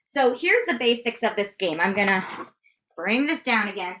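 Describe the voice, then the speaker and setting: A woman's voice: medium pitch, animated, moderate pace, pushed and bright, far from the mic. A woman in her thirties teaching a tap dance class, upbeat and counting out steps as she goes. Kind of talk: live online dance class instruction.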